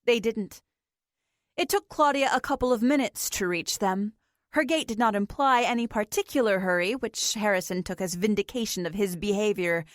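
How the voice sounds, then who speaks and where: Woman audiobook narrator, measured, mid pitch, dry close recording. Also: dry recording. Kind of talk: scripted narration.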